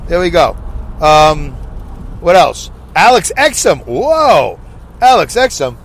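Chatty nasal man in a car. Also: moderate pace. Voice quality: high-pitched and nasal. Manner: chatty, self-mocking, animated. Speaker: podcast host. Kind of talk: casual solo podcast reading listener comments.

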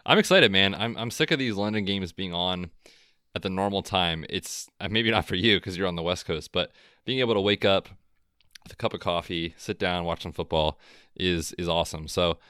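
A man co-hosting a podcast, chatting casually about football with a relaxed, chatty manner. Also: deep voice, normal speed, clean tone, no room sound, clean studio sound. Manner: relaxed, chatty, frequent fillers. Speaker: podcast co-host. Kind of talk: casual sports chat.

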